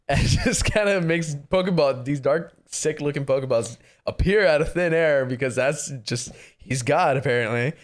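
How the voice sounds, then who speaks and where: A man's voice: mid-range voice, unhurried. A man co-hosting a podcast, casually retelling a movie with lots of laughter and swearing. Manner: laughs often, swears freely, rambling retelling. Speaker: podcast co-host. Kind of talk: casual movie recap chat.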